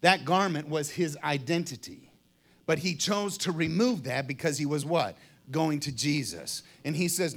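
A middle-aged man preaching a sermon, telling a story dramatically and acting out the voices and shouts of its people. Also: fairly high pitch, moderate pace.

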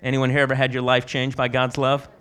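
A man's voice: mid-range voice, completely flat delivery, fast talker, fairly bright tone, smooth. A man preaching a sermon at a conference, telling stories in a conversational way, with frequent restarts. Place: conference hall.

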